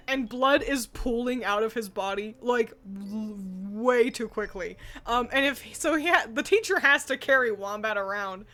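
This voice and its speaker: A woman's voice: fairly high pitch, fairly bright tone. A woman co-hosting a casual chat, giggling often and rambling with fillers and restarts, swearing now and then. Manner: giggly, laughs often between phrases. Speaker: co-host ranking anime mascots. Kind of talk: casual chat while editing a tier list.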